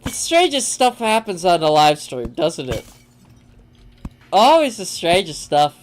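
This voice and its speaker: Lively, slow-talking young gaming streamer. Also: mid-range voice. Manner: joking, laughing, swearing freely. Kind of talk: casual live-stream banter with friends.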